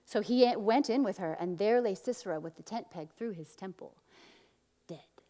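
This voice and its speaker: A woman pastor delivers a storytelling sermon in a mid-range voice. She leans into the quotes, rising loud and then dropping soft. Her voice carries a long reverb from the church hall. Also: moderate pace. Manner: animated storytelling, acting out quotes with big swings of pitch and loudness.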